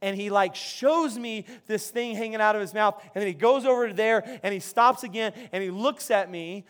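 A man's voice: sits high, moderate pace, a bit bright, clean tone. A male pastor preaching a sermon in a church, telling a story in a loose, conversational way with many restarts and repeated words.

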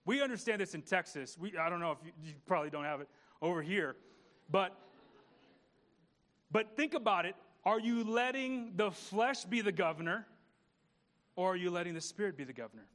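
A man's voice: high-pitched, lively intonation, normal speed, long pauses, fairly bright tone. A man pastor preaching a conversational sermon, repeating words and asking the congregation questions.

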